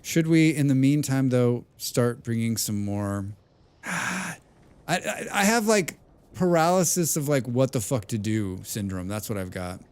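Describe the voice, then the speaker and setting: A man's voice: medium pitch, animated, a little slow, darkish tone, clear, resonant tone. A man streaming a game, thinking aloud and chatting casually with viewers, swearing freely. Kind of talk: casual gameplay livestream chat.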